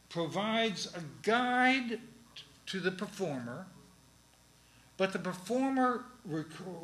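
A man teaching a class on verse and syllables, speaking slowly and deliberately with many pauses. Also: high-pitched, a bit bright, reverberant, a little hiss or hum, rough recording.

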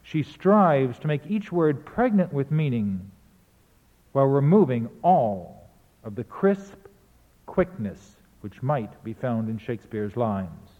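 A man's voice: medium pitch, big pitch swings, slow pace. A man lecturing on verse, explaining rhythm and chanting the beats aloud to demonstrate. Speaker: literature lecturer. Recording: tinny phone-like sound in a reverberant hall.

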